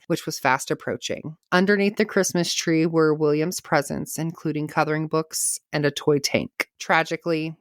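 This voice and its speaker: A woman with a low voice narrates a true crime case for a podcast. She reads steadily and breaks off now and then for casual asides and laughter. The sound is dry and close. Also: dry recording. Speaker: podcast host.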